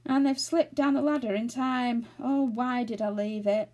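A woman reading aloud and voicing an excitable, fretful male fairy-tale creature who gushes, then trembles. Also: high-pitched, moderate pace, pitched above the performer's own voice. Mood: gloomy. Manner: gushing and jumpy, then trembling.

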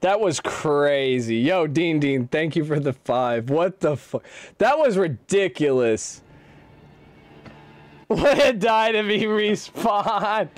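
High-voiced young man streaming a game. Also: expressive, takes it slowly. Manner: casual and profane, swears freely. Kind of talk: live gameplay commentary.

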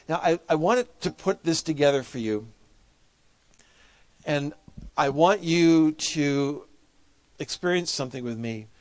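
Male pastor preaching, heartfelt storytelling, middle pitch, dry close sound. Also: no room sound. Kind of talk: sermon with a personal story.

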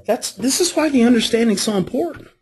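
A woman coaching a parenting class, explaining earnestly and modeling calm phrases to say. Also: fairly high pitch, quick pace, slightly rough.

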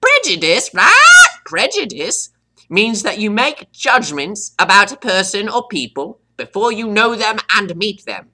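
A man voicing a cocky, hot-tempered male pet parrot who teaches vocabulary, boasting and stopping to define words, with squawky high jumps on "right?". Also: wildly swooping pitch, a little slow, sharp tone, full character voice. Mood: boastful. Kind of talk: scripted vocabulary lesson.

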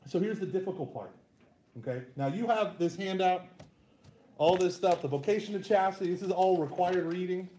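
Animated high-voiced man in an echoey room. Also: normal speed. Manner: animated, joking asides, frequent "right?". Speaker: Catholic speaker. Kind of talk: lively talk to a live audience.

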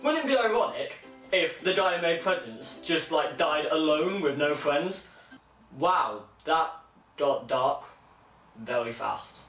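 A young man delivering a sarcastic comic monologue, breaking into shrill mocking voices. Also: sing-song, slow, a bit bright, soft background music. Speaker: comedian. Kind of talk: stand-up style comic monologue. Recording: echoey room, mic held far off.

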